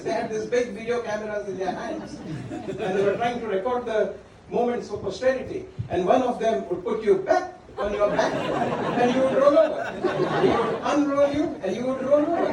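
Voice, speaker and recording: In a large function hall, a middle-aged man with an extremely high voice gives a father-of-the-bride speech, warmly telling stories about his daughter and pausing often to say her name. The recording is very noisy and echoey, captured from far off, with the crowd faint and guests laughing in the background.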